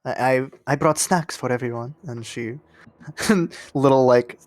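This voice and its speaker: Relaxed man running a tabletop game. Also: medium pitch, unhurried, no room sound. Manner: relaxed, frequent ums, laughing asides. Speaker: game master.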